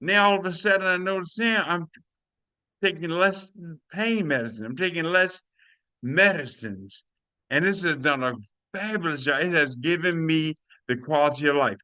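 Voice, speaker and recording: An older man giving an excited personal testimony on a video call, animated and preachy, talking to listeners as y'all. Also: on the high side, a little fast, clear, resonant tone, no room sound. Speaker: testimonial speaker.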